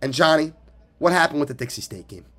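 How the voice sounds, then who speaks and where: A man's voice: fairly high pitch, animated, fast, a bit bright. A young man in college co-hosting a podcast, telling a story in casual chat, teasing and swearing freely. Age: young adult. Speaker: podcast co-host.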